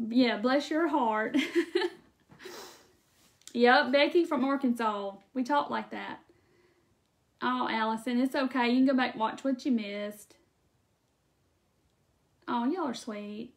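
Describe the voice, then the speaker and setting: Brief: Southern woman craft-stream host, Mississippi drawl, a touch high, folksy and chatty. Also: fairly bright tone. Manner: chatty, folksy, laughs often. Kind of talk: casual live chat with viewers. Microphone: phone or webcam on a live stream.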